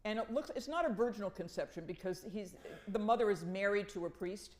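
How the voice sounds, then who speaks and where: A woman's voice: mid-range voice, fairly quick, roomy sound, rough recording. A woman from Massachusetts speaking as a professor on a panel, telling wry stories with emphatic repetition. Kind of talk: conversational academic talk.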